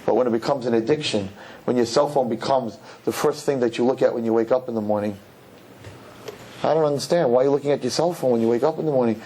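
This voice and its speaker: A middle-aged rabbi giving an animated sermon in a synagogue, joking with the audience and acting out quotes in high voices. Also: male voice, quick pace, a little hiss or hum. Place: synagogue hall.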